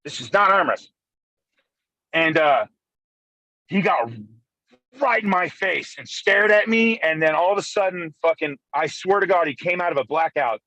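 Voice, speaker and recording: A man telling a story over a phone call while driving, excitable and full of profanity. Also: a little high, normal speed, no room sound. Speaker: podcast co-host. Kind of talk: casual storytelling chat. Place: in a car, driving.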